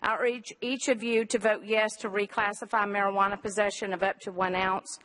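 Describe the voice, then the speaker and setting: Woman, earnest emotional plea, council public comment, mid-pitched voice. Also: little pitch movement, a little fast, a bit bright, low-quality recording. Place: council chamber.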